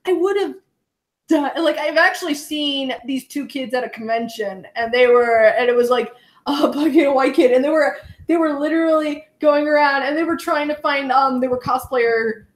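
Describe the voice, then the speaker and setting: A young adult woman, a guest on a casual podcast chat, telling stories excitedly and laughing often. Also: high-pitched, normal speed.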